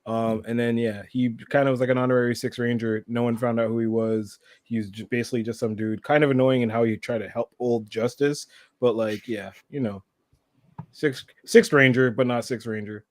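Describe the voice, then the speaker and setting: A man's voice: medium pitch, steady tone, a little fast, no room sound, studio quality. A Canadian man co-hosting a toy podcast, chatting casually in a laid-back, rambling way and laughing easily. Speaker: podcast co-host. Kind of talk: casual chat.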